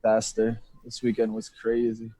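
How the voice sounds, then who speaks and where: A man calling in from a coffee shop as a guest trader, laying out his watch list in an easygoing, brisk way over remote call audio. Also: on the low side, monotone, crowd noise. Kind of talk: casual chat and trade rundown.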